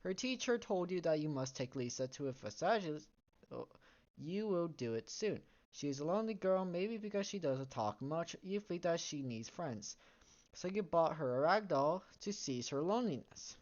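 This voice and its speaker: A low-pitched woman reads a story game aloud, now and then stopping to add wry remarks. Her voice comes through a dull, muffled home mic. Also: animated, moderate pace, a little mellow. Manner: reads text aloud, breaks off into wry comments and laughs. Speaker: game streamer.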